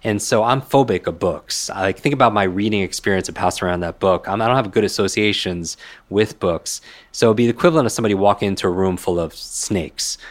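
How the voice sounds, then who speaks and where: A man in his forties, a guest memory coach, telling a personal story in a conversation, animated and quick to act out what others said. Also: on the low side. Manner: animated, acts out quoted dialogue, frequent "right?".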